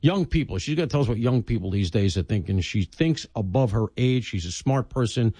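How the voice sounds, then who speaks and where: A male talk radio host rambles casually from the studio, his voice bouncing around in a lively pitch. He sounds a bit stuffy from allergies and drops jokey complaints between topics. The sound is dry and close, with no room around it. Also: brisk, breathy edge, no room sound. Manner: chatty, jokey, grumbling asides. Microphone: studio microphone.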